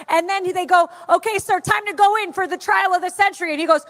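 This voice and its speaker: A woman telling animated stories to a crowd and acting out the voices of the people she quotes. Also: very high voice, a little fast, few pauses. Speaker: speaker at an event. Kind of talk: storytelling speech to a crowd.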